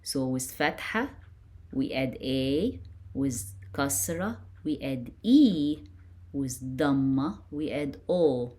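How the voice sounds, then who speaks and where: A woman teacher with a low voice who speaks very slowly and deliberately. She runs a beginner lesson in call-and-repeat drills and praises each answer patiently and warmly. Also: expressive.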